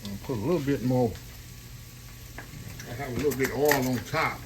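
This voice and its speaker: At normal speed and in a mid-range voice, a man cooking at his stove chats and rambles for his home cooking vlog, constantly addressing viewers as "y'all." The low-quality recording, made with a tripod camera, has a little hiss or hum, and a skillet sizzles and fries loudly behind him.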